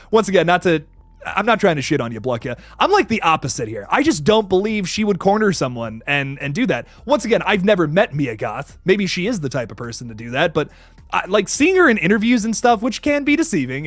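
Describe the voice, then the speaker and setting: With a voice that sits high on a dry recording, this young livestream host chats casually through viewer messages. He laughs frequently, fumbles his words and swears in passing.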